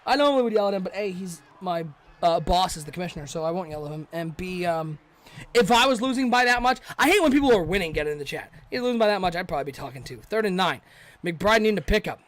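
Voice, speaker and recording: A man doing chatty, excitable play-by-play commentary for a live stream, joking with viewers in chat. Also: high-pitched, fast talker.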